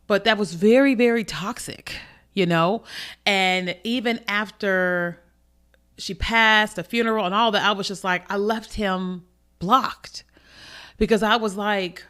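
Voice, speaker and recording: A woman's voice: medium pitch, fairly even intonation, measured pace, fairly bright tone, clean tone. A woman hosting a faith podcast, telling a personal story in an emotional, conversational way and repeating her phrases. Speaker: podcast host.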